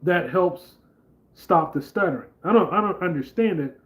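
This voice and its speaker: A man's voice: sits high, expressive, moderate pace, fairly bright tone, rough recording. A man hosting a casual political commentary vlog, talking in a rambling, conversational way with lots of fillers. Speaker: channel host.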